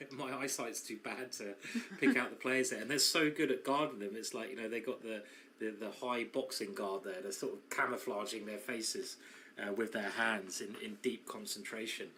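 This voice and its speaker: A man's voice: fairly low pitch, fairly even intonation, moderate pace, bright, forceful tone, a little hiss or hum. A man commentating live on a chess tournament, chatty and self-mocking, who often breaks into laughter while bantering with his co-host.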